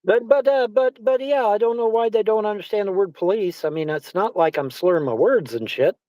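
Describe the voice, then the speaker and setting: Rozgadany mężczyzna o wysokim głosie, suche nagranie. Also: male voice, high-pitched, a little fast, warm tone, no echo, low-quality recording. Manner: rambling, repeats himself, swears often. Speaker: livestream host. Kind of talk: casual chat. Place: Arizona.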